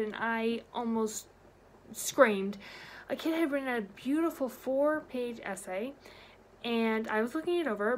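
Woman vlogger, storytime, expressive and animated, higher pitch. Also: a little hiss or hum. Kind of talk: storytime vlog.

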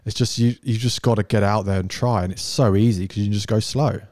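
A man's voice: fairly low pitch, fairly even intonation, fast talker, a little mellow, no echo, studio quality. A young man in casual chat, speaking eagerly and explaining with vivid everyday comparisons. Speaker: podcast co-host.

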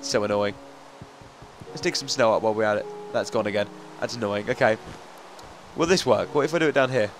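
A young man commentating a video game as he plays, chatting to himself, coaxing and easily frustrated, with sudden bursts of excitement. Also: lowish voice, fairly quick, long pauses, faint music behind. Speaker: gaming commentator. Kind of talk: let's play commentary.

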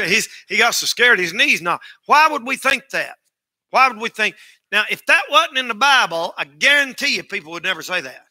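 A man's voice: sits high, pushed and bright. A man preaching a folksy sermon as pastor to his church, joking and acting out everyday sayings. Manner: folksy, joking, acts out quotes. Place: church sanctuary.

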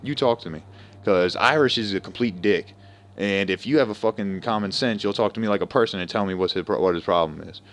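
Profane, combative low-voiced streamer man. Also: quick pace, fairly bright tone. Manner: profane, confrontational, trash-talking. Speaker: game streamer. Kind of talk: live game-stream rant at chat.

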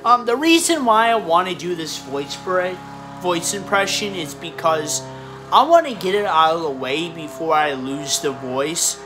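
Slow-talking rambling man. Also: on the high side, lively intonation, over music. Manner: rambling, stumbles over words. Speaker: video creator. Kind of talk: casual vlog talk.

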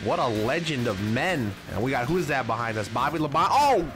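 A man commentating his own racing game play in a casual, excitable way, with sudden loud yelps at crashes. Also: mid-range voice, a little fast, over music. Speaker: gaming channel host. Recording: noisy game audio underneath.

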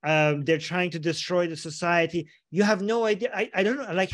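Animated man, higher voice. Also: a little fast. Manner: animated, restarts often, laughs while talking. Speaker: guest. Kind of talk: video-call interview.

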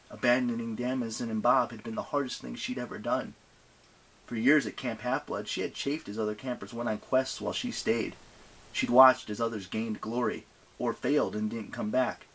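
Husky male audiobook narrator. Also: mid-range voice. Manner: expressive reading.

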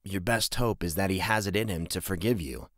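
A man voicing a concerned middle-aged farmer speaking calmly to his daughter. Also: low voice, brisk, no echo, studio quality. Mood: gentle. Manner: calm, fatherly.

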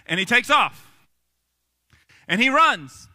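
A young man preaching a sermon, retelling a Bible story in a casual, animated way with slang. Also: a little high, normal speed. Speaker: pastor.

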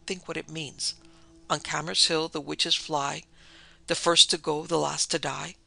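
A frightened colonial townsman, voiced by the narrator, leans in with urgent, conspiratorial words that turn into a call to action. The voice is gravelly and forceful. It is delivered as a classic spoken horror tale. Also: medium pitch, level tone, measured pace, no room sound, exaggerated voice. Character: fearful colonial townsman stirring a mob.

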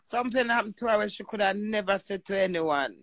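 A woman's voice: medium pitch, fast talker, dry recording. A woman hosting a live chat, talking emotionally and praying in an emphatic, preacherly way. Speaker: livestream host.

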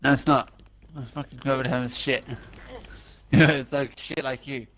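A man in casual game chat, excitable and loud, with frequent swearing. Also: medium pitch, normal speed. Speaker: gamer in party chat. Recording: noisy voice chat with clicks.

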